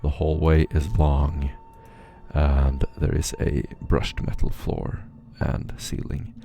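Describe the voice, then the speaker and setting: A man narrating a tabletop game as game master in a calm, measured way. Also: very deep voice, vocal fry, a little hiss or hum.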